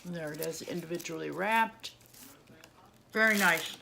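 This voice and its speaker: Gravelly and on the low side, the woman's voice comes through with some background noise. She's a New York State vlogger tasting candy, slowly relishing each bite and humming contentedly.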